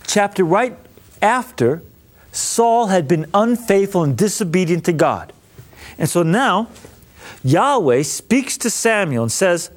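Lively, high-voiced male Bible teacher. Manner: enthusiastic and conversational. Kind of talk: Bible lesson lecture.

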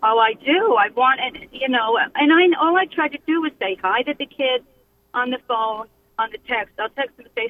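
A woman's voice: high voice, moderate pace. A woman calling into a radio show, pained and defending herself as she describes family conflict. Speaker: caller. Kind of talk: call-in advice conversation. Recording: tinny phone line.

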